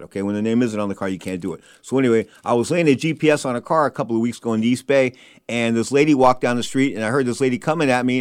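A male show host and private investigator talking casually, excitable and rambling, often repeating himself. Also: medium pitch, no room sound, clean studio sound.

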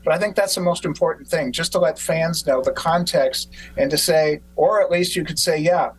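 A man hosting a podcast who tells stories in an animated way and acts out quotes. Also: fairly high pitch, moderate pace, a little hiss or hum, low-quality recording. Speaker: podcast host. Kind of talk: casual conversation.

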